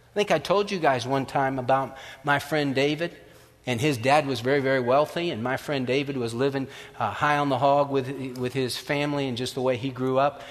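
A man preaching a sermon as pastor, lively and acting out the voices of doubters. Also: mid-range voice. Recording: reverberant hall.

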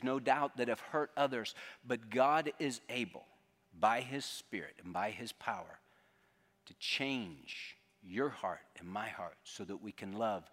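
A man preaching a sermon, telling a story earnestly and dropping to a hushed tone for quoted lines. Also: medium pitch. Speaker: pastor. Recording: long reverb of a large hall.

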